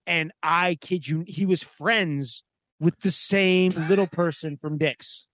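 Speaking slowly in a high-pitched, somewhat bright voice, this man co-hosts a podcast. The recording has no room sound, and his story wanders casually, full of swearing and the word "like."

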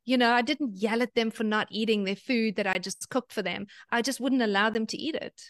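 A woman in her forties with a high voice talks in a relaxed, animated way, slipping into bigger voices for quotes. The sound is close and dry, with no room around it. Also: fairly quick, no echo. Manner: animated, acts out quotes in a big voice. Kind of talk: casual chat.

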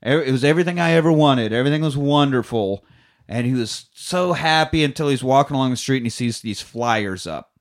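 A man retells a film's plot in loose, casual chat. He rambles, swears freely and slips into the characters' lines. His voice sits at an ordinary middle pitch. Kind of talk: casual chat recapping a film.

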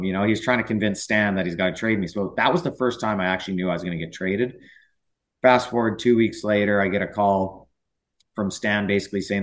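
Lowish-voiced man telling rambling stories. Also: fairly quick, fairly bright tone. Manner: rambling storyteller with frequent restarts. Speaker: podcast guest, former pro hockey player. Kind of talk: casual chat.

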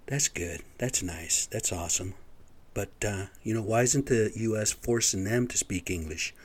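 A man's voice: lowish voice, normal speed, slightly rough. A middle-aged man telling stories in a blunt, profane, rambling rant to his viewers. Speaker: vlogger. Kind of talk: casual rant to camera.

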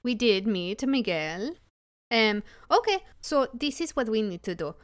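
A woman playing a tabletop game, talking persuasively and quickly in character. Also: fairly high pitch, big pitch swings, dry recording. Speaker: player. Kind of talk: tabletop role-play.

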